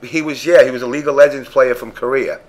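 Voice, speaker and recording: A man's voice: mid-range voice, fairly even intonation, fast, darkish tone. A man on a podcast panel telling a story in casual chat, blunt and profane, acting out what people said. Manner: profane, blunt, acts out quotes.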